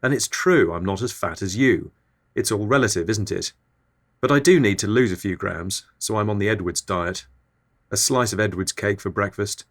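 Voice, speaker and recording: A man with a lowish voice delivers absurd comedy bits flatly, never raising his energy. His tone stays deadpan and unhurried as he hosts his comedy podcast. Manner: deadpan, low-key delivery. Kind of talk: absurdist comic monologue.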